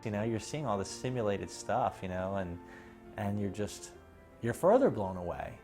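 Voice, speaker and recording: A man speaking hesitantly about his own past in an interview, often restarting. His voice sits low, and faint plucked guitar plays beneath him. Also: animated, moderate pace, darkish tone. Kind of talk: personal testimony.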